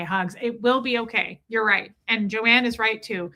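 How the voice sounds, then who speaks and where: A woman's voice: on the high side, normal speed, pushed and bright. A middle-aged woman hosting a casual livestream, chatting confidingly and greeting viewers by name. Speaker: livestream host.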